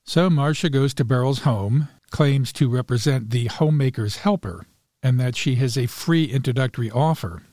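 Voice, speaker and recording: A man reading a story aloud and narrating film history as a podcast host, in a steady, measured read. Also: mid-range voice, no room sound, studio quality. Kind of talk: scripted narration.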